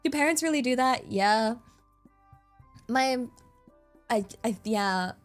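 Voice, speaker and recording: A woman's voice: on the high side, expressive, slow, soft background music. A young woman streaming from her desk microphone, chatting casually in a rambling way and laughing often. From England. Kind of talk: casual chat.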